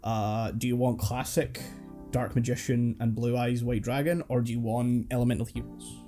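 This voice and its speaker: A man's voice: medium pitch, flat delivery, normal speed, mellow, soft background music. A man hosting a podcast, patiently explaining game rules step by step with a casual tone. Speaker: host teaching the card game.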